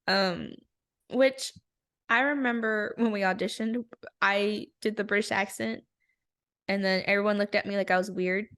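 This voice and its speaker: A young woman co-hosting a podcast, chatting casually and telling animated stories with frequent giggles. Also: medium pitch, moderate pace. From rural area. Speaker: podcast co-host. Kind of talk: casual chat.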